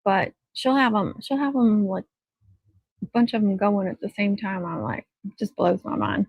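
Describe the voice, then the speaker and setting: A woman hosts a relaxed craft livestream, talking in a loose, rambling way at an everyday middle pitch. The sound is dry and a little dull, like a cheap home microphone. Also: moderate pace, gravelly, husky, no room sound. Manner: rambling, chatty, talks to her dog. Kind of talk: casual chat on a livestream.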